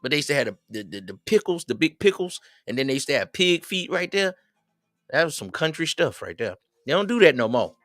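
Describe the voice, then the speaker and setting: A man's voice: fairly high pitch, very animated, brisk, a bit bright, no echo, clean studio sound, soft background music. A man hosting a livestream, rambling casually and chatting with his viewers in a streetwise manner. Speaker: livestream host.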